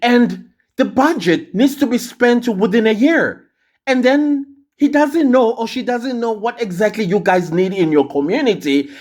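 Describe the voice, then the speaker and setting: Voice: mid-range voice, unhurried, darkish tone. A South African commentator in a casual rant, full of sarcastic rhetorical questions.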